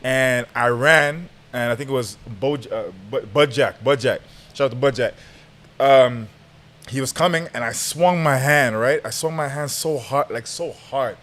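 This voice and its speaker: A young man guest on a podcast, telling a story in a casual, animated, slangy way and laughing as he goes. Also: mid-range voice, unhurried.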